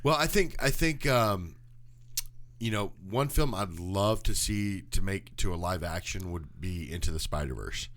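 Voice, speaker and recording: A man with a somewhat low voice co-hosts a podcast in casual chat. He talks hesitantly, circling back and restarting as he searches for names. He sounds close and dry. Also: animated, unhurried, fairly bright tone, no echo. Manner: hesitant, full of fillers and restarts. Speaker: podcast co-host.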